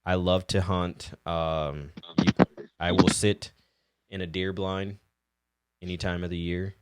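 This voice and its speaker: A man's voice: sits low, little pitch movement, takes it slowly, clear, resonant tone. A man in casual chat, explaining earnestly with a few restarts.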